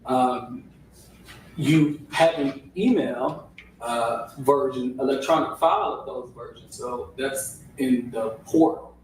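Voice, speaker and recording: A man's voice: mid-range voice, slow pace. A man testifying as a records custodian, picking his words carefully and checking in with "right?". He sounds distant, caught from across a heavily echoing courtroom with faint hiss underneath. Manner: hedging, repeats "right?" to check in. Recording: echoey room audio from far off, faint hiss.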